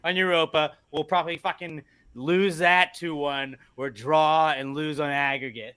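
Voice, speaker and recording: A man's voice: on the high side, steady tone, normal speed, pushed and bright, clean tone. A man co-hosting a podcast in casual chat, ranting and swearing in exasperation. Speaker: podcast co-host.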